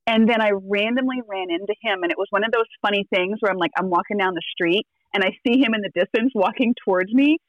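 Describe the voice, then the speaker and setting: A woman's voice: medium pitch, fast, hardly any pauses, no echo, highs cut off. A woman tarot reader telling a story in casual chat, acting out the quotes and laughing often.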